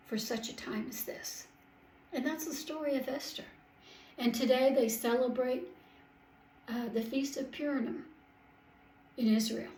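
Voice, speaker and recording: A woman's voice: on the high side, echoey room, poor audio. Homey woman telling a Bible story. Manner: homey, with small slips and self-corrections. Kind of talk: home storytelling of a Bible tale.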